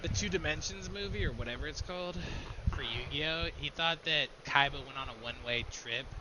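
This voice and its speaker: A man's voice: on the high side, a little fast, background noise. A man chatting casually with friends while gaming, rambling and laughing often, swearing casually. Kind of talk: casual chat.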